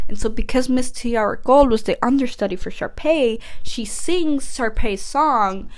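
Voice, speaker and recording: A woman podcast host giving a casual, rambling comedic recap, animated and full of fillers. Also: a little high, normal speed, hardly any pauses.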